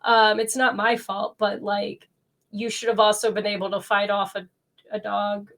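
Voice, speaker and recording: A woman playing a tabletop game, speaking slowly with stammers and fond asides. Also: medium pitch, flat delivery, a bit bright. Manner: slow, stammering, fond talk to the dogs. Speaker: player.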